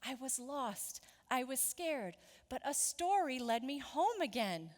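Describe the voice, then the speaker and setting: A woman's voice: high-pitched, sing-song, slow pace, in a large hall, full character voice. Woman voicing an eager little fish boy. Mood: earnest. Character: small boastful boy fish, fanciful storyteller.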